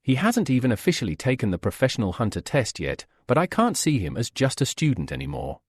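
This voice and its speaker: A man's voice: medium pitch, wildly swooping pitch, fast, slightly rough, no echo, clean studio sound. A man voicing a worried, reflective female hunter mentor in an earnest tone.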